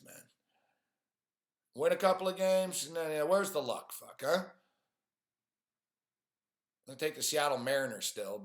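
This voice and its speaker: A man ranting on a live stream about sports games and his bets, swearing often and sounding frustrated. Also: mid-range voice. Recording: echoey room.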